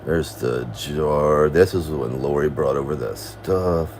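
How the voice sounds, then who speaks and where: A man's voice: a bass voice, takes it slowly, darkish tone, a little hiss or hum. A man in casual rambling commentary, laughing and accusatory as he goes over an online feud.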